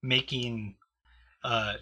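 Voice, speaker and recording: A man's voice: medium pitch, level tone, extremely slow, bright, forceful tone. A man hosting a casual, joking chat with a co-host, laughing often.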